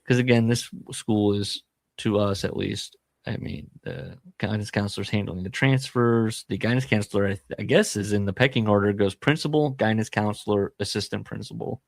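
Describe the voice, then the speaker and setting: Creaky low-voiced man retelling a plot. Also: moderate pace, no echo. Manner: animated retelling of a plot, with asides; jokey, self-deprecating. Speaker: podcast host. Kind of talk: casual book-discussion chat.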